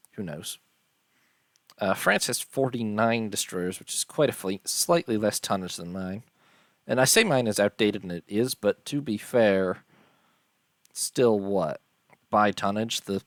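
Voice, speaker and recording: A tired man with a low voice talks through a strategy game in casual, unhurried commentary. He yawns between lists of figures and fills gaps with ums. The sound is close and dry, with no room around it. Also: no echo. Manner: unhurried, listing details with many ums and uhs. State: tired, yawning. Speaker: strategy game let's-player.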